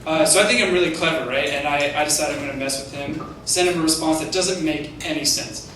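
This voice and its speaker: Halting young man doing stand-up. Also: on the high side, sharp tone. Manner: halting, self-deprecating delivery with many "like"s. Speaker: stand-up comedian. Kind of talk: stand-up comedy set. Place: comedy theater stage. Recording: echoey distant room recording with noise.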